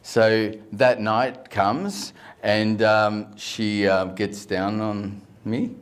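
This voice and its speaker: Aussie bloke, lowish voice, cheeky joke to the crowd, talks right at them. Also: male voice, level tone, extremely slow, smooth. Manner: conspiratorial, addresses the crowd directly. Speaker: comedian. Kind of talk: stand-up joke telling.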